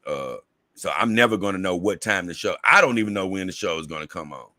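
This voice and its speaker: A man's voice: deep voice, lively intonation, fast, bright, forceful tone, dry recording, clean studio sound. A man with a Southern US accent hosting a casual livestream, reading viewer comments in a rambling way, repeating words and laughing often. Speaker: livestream host.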